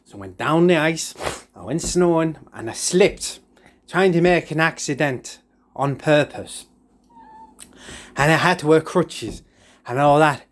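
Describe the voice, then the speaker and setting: A man's voice: a little high, unhurried, long pauses. A man telling a comic story, rambling and jokey with lots of fillers.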